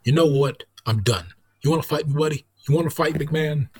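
A touchy, hot-tempered tough-guy actor, played by a man in a comedy sketch, always defensive and ready for a fight. The voice is husky and a little breathy, in a dry, close recording. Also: on the high side, brisk, a little mellow, dry recording. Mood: threatening.

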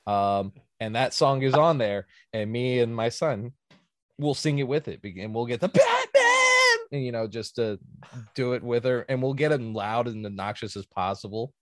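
A man's voice: medium pitch, moderate pace, no room sound, clean studio sound. A man hosting a podcast in casual chat, telling a story animatedly and acting out quotes. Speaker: podcast host.

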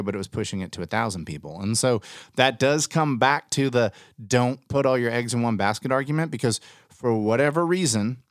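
A man's voice: medium pitch, no echo, studio quality. Blunt, profane man hosting a podcast. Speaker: podcast host. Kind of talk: casual podcast chat.

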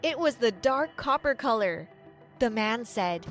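A woman tells a first-person story in an earnest, dramatic way. Her voice sits high, with soft music playing underneath. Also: lively intonation, unhurried. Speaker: story narrator.

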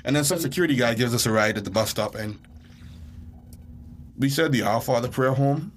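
A man from the Bahamas telling a story on a podcast, full of life and quick to leap into high, frantic yelps when he replays his own panic. A faint hiss of noise sits under his voice. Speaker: podcast co-host. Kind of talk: casual storytelling.

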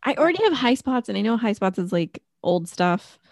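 Chatty woman with a gravelly voice. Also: medium pitch, sing-song, a little fast, darkish tone, no echo. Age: middle-aged. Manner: rambling, chatty, many fillers. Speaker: podcast co-host. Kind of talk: casual chat.

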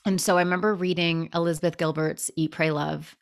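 A woman in her thirties, a podcast guest telling stories in a lively, casual way and acting out what people said. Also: lowish voice, fairly quick, creaky. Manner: animated storyteller, acts out quotes. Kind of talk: casual storytelling interview.

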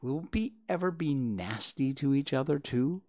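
A man voicing an excited, curious young male fawn who asks question after question and stammers. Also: mid-range voice, moderate pace, pitched above the performer's own voice.

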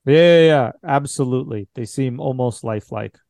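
A man narrating a tabletop horror game as game master, in a measured, descriptive way. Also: mid-range voice, gravelly, a little mellow, no room sound.

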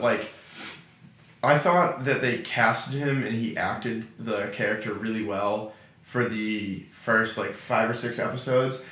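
Lively man chatting in an echoey room. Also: mid-range voice. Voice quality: laughs often, many fillers. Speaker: podcast co-host. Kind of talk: casual review chat.

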